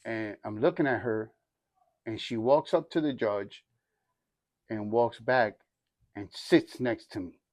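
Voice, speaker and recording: A man's voice: lowish voice, slow, pauses often, no echo. A young man telling his life story in a casual, slangy, rambling way, sharing a testimony. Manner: informal, slangy, rambling with restarts. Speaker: church group member sharing testimony.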